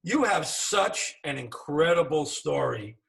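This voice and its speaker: A man's voice: on the high side, animated, slow pace, creaky, a bit bright, recorded from a distance, rough recording. A man hosting an interview, enthusiastic and full of praise for his guest. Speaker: host.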